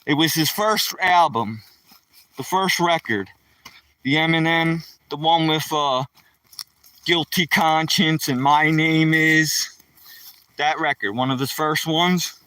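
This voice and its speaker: A man's voice: fairly high pitch, slow, sharp tone, smooth, no room sound, distant mic, low-quality recording. Chatty man live-streaming from the woods. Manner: rambling, chatty, addresses viewers by name. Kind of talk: casual live-stream storytelling. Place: outdoors walking through woods.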